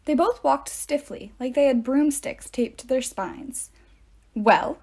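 A woman reading a novel aloud in an expressive way, with deadpan asides. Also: high voice, a little slow. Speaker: narrator. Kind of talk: audiobook-style reading aloud.

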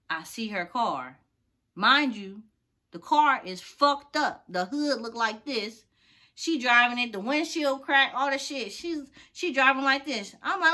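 A woman telling a personal story in a casual, animated way, acting out the other people's voices. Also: fairly high pitch.

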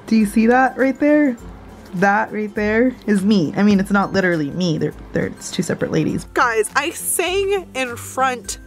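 A young woman talks straight to her viewers in a casual vlog. She is upbeat and chatty, filling her sentences with "like", in a middle-pitched voice. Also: brisk, a little mellow, soft background music. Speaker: vlogger.

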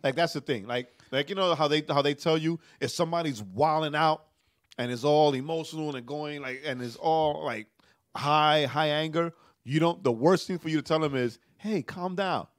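A man's voice: on the high side, normal speed, no room sound, clean studio sound. A man, a pastor co-hosting a podcast, telling a personal story with feeling and tagging his lines with "right?". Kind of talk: casual conversation.

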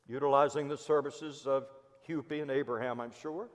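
A man with a Midwestern American accent, a pastor preaching a sermon in church and telling stories, swinging between loud emphasis and hushed asides. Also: medium pitch, fairly even intonation, moderate pace. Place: church sanctuary. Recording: long hall reverb.

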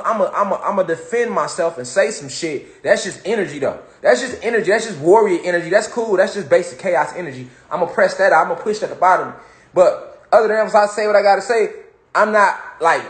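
A man giving a casual motivational talk about spirituality. He is animated, streetwise and profane, and keeps asking his listeners questions. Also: high-pitched, roomy sound. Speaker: spiritual speaker.

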